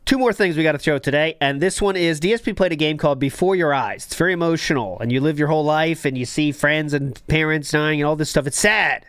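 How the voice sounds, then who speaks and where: A man's voice: a little high, fast talker, few pauses, a bit bright, clear, resonant tone, no echo. A man hosting a podcast, talking through stream clips in a casual, critical, analytical way. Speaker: podcast host.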